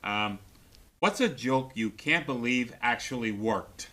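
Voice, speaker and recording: A man hosting a show, asking brief, low-key questions with soft laughs. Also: expressive, slow pace. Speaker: show host. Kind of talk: casual interview questions.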